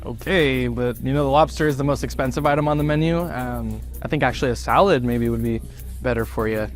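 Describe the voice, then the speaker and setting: A man's voice: medium pitch, brisk, faint music behind, lightly acted. A man playing a condescending, sarcastic restaurant host in a comedy skit. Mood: snide. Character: smug rude male restaurant host. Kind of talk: skit acting.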